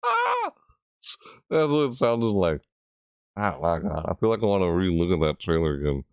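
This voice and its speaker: A man giving casual reaction commentary on a gaming video, thinking aloud in rambling, stop-start asides and breaking into loud screeching imitations. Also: low voice, lively intonation, fairly quick, smooth, no room sound, studio quality.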